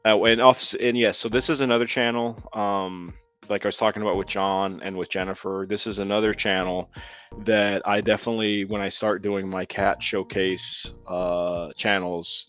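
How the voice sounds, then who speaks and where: A man's voice: lowish voice, a bit bright. A man hosting a casual live stream, rambling with lots of ums while reading viewers' comments aloud. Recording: dull lo-fi sound with faint music.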